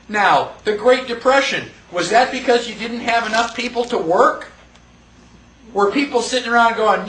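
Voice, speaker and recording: A man teaching a class in a lively lecture, quizzing the students and acting out quotes. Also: very high-pitched, normal speed. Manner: animated, asks the class questions, acts out quotes. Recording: echoey room, voice from far off.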